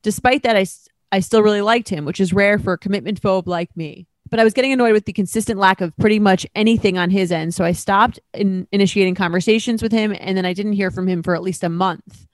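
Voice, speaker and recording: A woman co-hosting a casual chat, talking quickly and loosely with many fillers, and reading a letter aloud. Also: medium pitch, no room sound. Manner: chatty, lots of "like" fillers. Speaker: podcast co-host.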